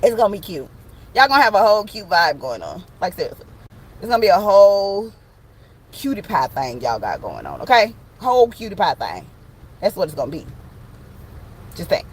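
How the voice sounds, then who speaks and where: A woman's voice: medium pitch, very animated, brisk, long pauses, slight background noise, low-quality recording. Slangy, joking woman tarot reader. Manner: slangy, profane, joking, acts out little scenes. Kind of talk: casual online tarot reading. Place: in a parked truck with the window open.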